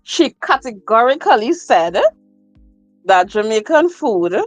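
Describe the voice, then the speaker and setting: On a phone, a woman livestreams a casual chat, reading out viewer comments at a slow pace, repeating things and laughing a lot. She speaks on the high side with big pitch swings. The recording is rough and dry, with soft background music.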